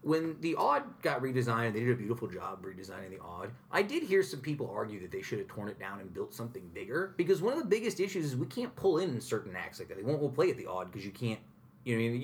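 A young man hosting a podcast, chatting casually with guests and telling animated stories with frequent laughter. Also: medium pitch. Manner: animated storyteller, laughs often. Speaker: podcast host. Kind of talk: casual interview chat.

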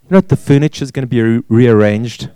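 A man's voice: mid-range voice, fast talker, warm tone, smooth, no echo, rough recording. A man preaching a sermon, pressing points with repeated words and rhetorical questions. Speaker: pastor.

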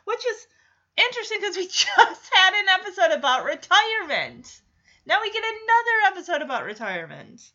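Woman podcast host, casual solo chat, bright and excitable, lo-fi sound. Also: very high-pitched, moderate pace. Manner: chatty and excitable, with frequent laughs.

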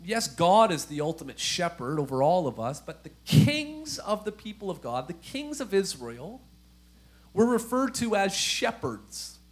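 A man with a notably high-pitched voice delivers a sermon as a pastor. He talks in a conversational way, tossing out rhetorical questions, and swells into emphatic, forceful stretches.

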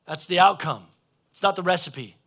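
A man, preaching a sermon as pastor and swinging between quiet asides and loud shouted calls. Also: high voice, moderate pace. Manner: blunt, folksy preaching.

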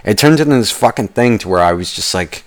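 A man's voice: fairly low pitch, animated, quick pace. A young man hosting a podcast, telling a long story in a casual, rambling way and swearing constantly. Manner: rambling with restarts and asides. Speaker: podcast host.

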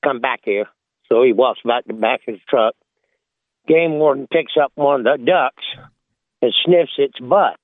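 A man's voice: medium pitch, moderate pace, no room sound. A man calling into a radio show, telling a joke in a folksy way with lots of uhs. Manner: folksy storyteller with many uhs. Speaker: caller. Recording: tinny phone line.

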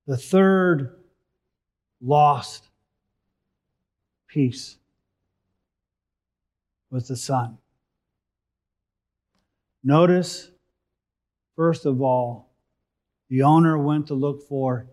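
Speaking very slowly with long pauses, a medium-pitched man reads scripture in his sermon and explains it. His voice rises for emphasis before dropping to a soft finish.

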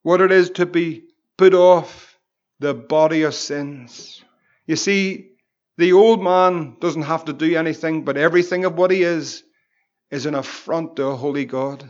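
A Northern Irish man, a pastor, preaching a Bible study with fervent exclamations and slow, emphatic repetitions. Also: on the high side, muffled recording.

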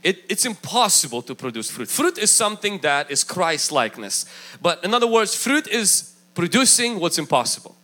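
Male pastor preaching: high, animated and bright, emphatic, acts out quoted voices. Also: normal speed. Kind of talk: sermon.

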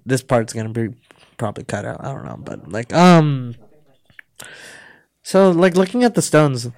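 A man's voice: mid-range voice, moderate pace, gravelly, dry recording. Laid-back man, dry close sound. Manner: relaxed, short agreeing replies, loose and hesitant when explaining. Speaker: co-host. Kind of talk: casual chat.

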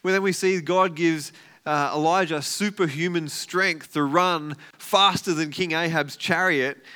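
A man preaches in an easygoing, storytelling way. His voice is smooth and resonant and sits a little high for a man. He acts out what the characters say with lively energy. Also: a little slow. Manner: conversational, animated storytelling with acted-out quotes. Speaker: pastor. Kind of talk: sermon.

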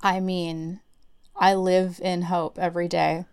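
A woman co-hosting a podcast in casual chat, self-deprecating and quick to laugh. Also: on the low side, flat delivery, a little mellow, clear, resonant tone. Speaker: podcast co-host.

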